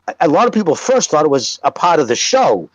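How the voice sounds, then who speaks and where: A man co-hosting a casual sports podcast, animated and swearing freely, laughing often as he talks. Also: on the high side, fast, no echo, rough recording. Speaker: podcast co-host.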